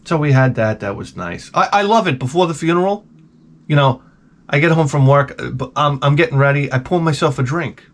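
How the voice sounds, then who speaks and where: A man's voice: on the high side, animated, fairly quick. A man in his forties telling stories in a rambling, profane, wry vlog monologue. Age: 40s. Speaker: vlogger. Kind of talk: casual storytelling monologue.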